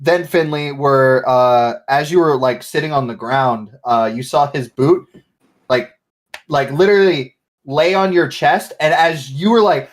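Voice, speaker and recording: A man running a tabletop game, narrating scenes and laughing as he quotes the characters. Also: on the high side. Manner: laughing, swearing, acting out characters in quick quotes. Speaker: game master.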